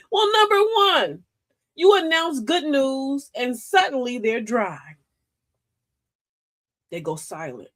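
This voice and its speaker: A woman's voice: high voice, sing-song, slow, long pauses. An older woman hosting a live-stream talk, giving life advice emphatically, telling stories and calling listeners baby and y'all. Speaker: host of a live advice show.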